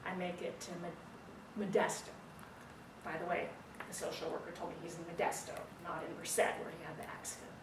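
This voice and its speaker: A woman giving an animated, dramatic storytelling speech at a speaking club, with pauses for effect. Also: on the low side, noisy background. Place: meeting room. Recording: roomy distant recording with faint ambience.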